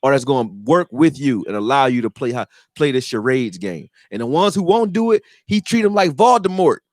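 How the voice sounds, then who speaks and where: Animated profane man ranting about football. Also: medium pitch, fairly quick, no echo, clean studio sound. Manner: animated, profane, acts out quotes. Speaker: fan commentator making football videos. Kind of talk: casual sports rant.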